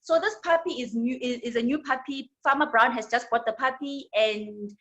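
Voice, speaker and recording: A woman's voice: on the high side, moderate pace, fairly bright tone, dull audio. A woman with a South African accent teaching a church women's leadership class, often repeating words and asking "right?". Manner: tag questions, repetitions. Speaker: women's ministry trainer.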